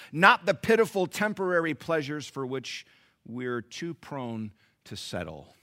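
A middle-aged male pastor preaching, his voice a little high for a man and sharply bright. He surges into loud, emphatic passages, then drops to quiet, low asides, and keeps calling out questions to the congregation. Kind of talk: sermon.

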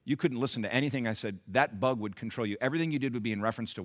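A man preaching a sermon in a church, animated, swinging from loud emphasis to quiet asides. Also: mid-range voice, rapid-fire, few pauses. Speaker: pastor.

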